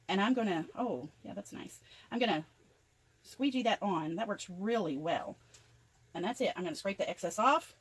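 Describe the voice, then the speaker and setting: A woman's voice: medium pitch, breathy edge, low-quality recording. An older woman chattily narrating each step of a craft tutorial as she works. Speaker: craft vlogger.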